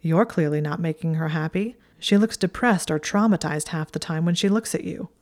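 A woman voicing a sardonic teenage boy wizard who talks in quick, mocking retorts, in an audiobook reading. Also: lowish voice, close to an everyday voice.

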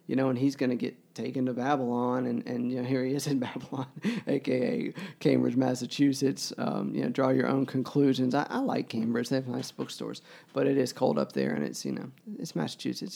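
A man with a gravelly, mellow voice talks through a book in casual discussion. He muses aloud at a middling pitch. He stops often to restart his sentences. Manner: musing, halting, many restarts.

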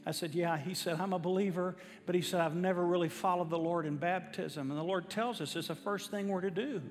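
Preaching man, high voice. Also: fairly even intonation, brisk, a little hiss or hum. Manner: emphatic, rising to a fervent preaching climax. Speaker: pastor. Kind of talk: sermon storytelling. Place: church sanctuary. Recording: reverberant church hall with faint music.

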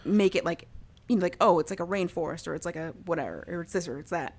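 A woman's voice: fairly low pitch, quick pace, darkish tone. A young woman casually recapping a TV show for a podcast, chatty and full of "like", laughing often. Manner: chatty, heavy use of "like", frequent laughs.

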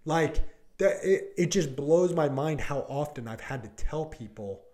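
On a podcast, a male police deputy, probably in his thirties, casually retells a call, leaning on "like" and "I go" and acting out what people said. His voice is a little high and a little mellow, animated but unhurried.

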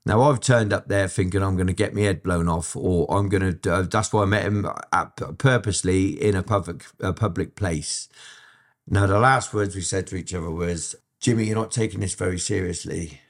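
A man's voice: low voice, fairly even intonation, normal speed. A man recounts his past in a sit-down interview. He talks bluntly and swears constantly, stumbling and restarting as he goes. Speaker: interview guest. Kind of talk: candid storytelling interview.

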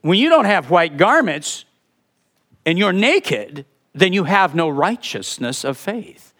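Animated high-voiced male preacher. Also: slow pace. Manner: animated preaching with dramatic drops to soft voice. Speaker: pastor. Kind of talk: sermon.

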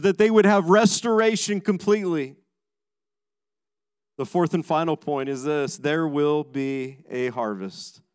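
A pastor delivers an emphatic sermon, shifting between loud, raised passages and quiet, hushed ones. He frequently repeats words when beginning a sentence. The tone is clean and the recording dry.

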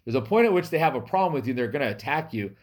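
Animated, laughing male podcast host. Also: mid-range voice, racing. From US Native American reservation. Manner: animated, laughs often, acts out quoted people. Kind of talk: casual storytelling chat.

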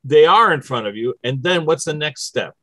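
A man's voice: a little high, expressive, moderate pace, fairly bright tone, dry recording. A man hosting a casual spiritual chat, walking listeners through numbered steps. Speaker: host.

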